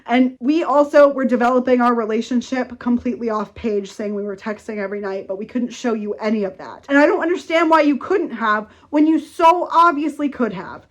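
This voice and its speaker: A woman's voice: fairly high pitch, brisk, few pauses. Sarcastic, laughing woman book reviewer. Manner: sarcastic, laughing, swears, reads lines aloud in a flat mocking way. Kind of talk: casual rant review. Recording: dull lo-fi sound.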